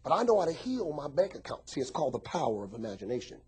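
A male pastor preaching a sermon, joking with the congregation and swinging from soft asides to shouts. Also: a little high, sing-song, fast talker, husky.

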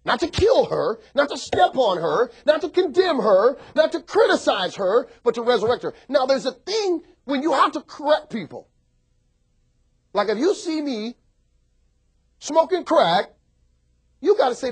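A male pastor preaching a sermon, joking with the congregation and swinging from soft asides to shouts. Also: extremely high pitch, sing-song, a little slow, slightly rough.

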